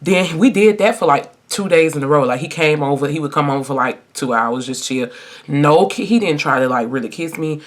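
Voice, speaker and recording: A woman's voice: deep voice, a little fast. Chatty young woman telling a storytime. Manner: chatty and emphatic, addresses viewers as y'all. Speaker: vlogger. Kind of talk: casual storytime while getting ready.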